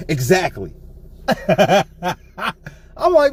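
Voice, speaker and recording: A man with a high, mellow voice tells a story in casual podcast chat, swearing freely and breaking into laughter. His pitch swings widely as he gets worked up. He is talking from inside a car. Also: a little slow, long pauses. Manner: profane, laughing, animated storytelling. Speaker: podcast co-host.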